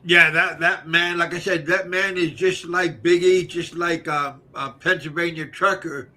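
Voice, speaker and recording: Slow, bright-voiced older man host. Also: fairly high pitch, steady tone. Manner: halting, repeats words, many fillers. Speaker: channel host. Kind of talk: casual livestream chat.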